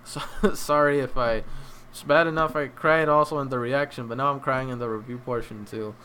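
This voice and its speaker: A young man hosting an anime review, choked up and crying, talking in a heartfelt, halting way with many restarts. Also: mid-range voice, steady tone, pushed and bright, slight background noise. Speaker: anime reaction channel host. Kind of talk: emotional casual review.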